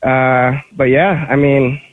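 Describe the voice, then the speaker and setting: A man's voice: mid-range voice, steady tone, slow pace, no room sound. A man calling in to a radio show, chatting in an easygoing, laid-back way. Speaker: caller. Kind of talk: casual call-in chat. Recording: tinny phone line.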